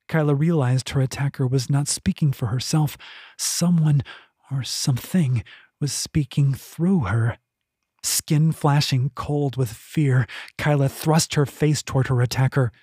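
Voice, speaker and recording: A man reading his own fantasy novel aloud in steady, measured audiobook narration. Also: mid-range voice, breathy edge, dry recording, studio quality.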